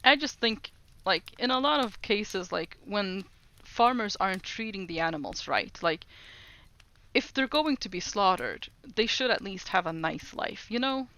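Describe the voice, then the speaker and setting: A woman streamer chatting casually with her viewers as she practices French, repeating phrases slowly, giggling and greeting chat brightly. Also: mid-range voice, expressive.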